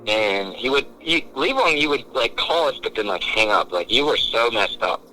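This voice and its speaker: Podcast guy telling a story, very bright voice, jumps up and down in pitch. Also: normal speed, a little hiss or hum, poor audio. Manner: animated storyteller, quotes friends in shifting voices. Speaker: podcast host. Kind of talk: casual storytelling chat.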